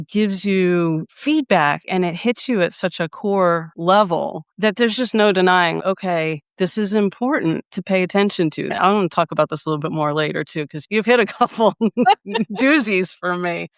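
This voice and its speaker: A woman hosting a podcast, speaking in a smooth, resonant voice at a middle pitch. Her manner is upbeat and affirming, and the sound is close and dry. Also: normal speed, no echo. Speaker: podcast host. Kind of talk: podcast interview.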